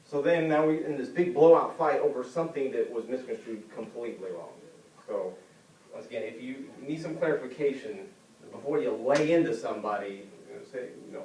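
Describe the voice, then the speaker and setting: A man's dark, mellow voice carries a fairly quick, conversational classroom speech, recorded by a distant camera at the back of an echoey room with faint ambience and slight background noise. He's a student telling stories, imitating the people in them with big upward jumps in pitch.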